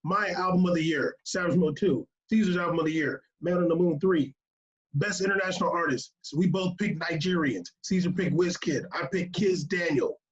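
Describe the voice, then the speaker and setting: A man co-hosting a music podcast in casual chat, laughing often and running down lists quickly. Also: a little high, dull audio. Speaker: podcast co-host.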